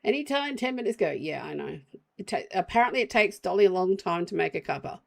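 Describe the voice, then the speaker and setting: Gravelly Australian woman streamer. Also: medium pitch, lively intonation, fast talker. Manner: rambling, chatty, talks to chat while playing. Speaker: game streamer. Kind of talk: casual live-stream chat.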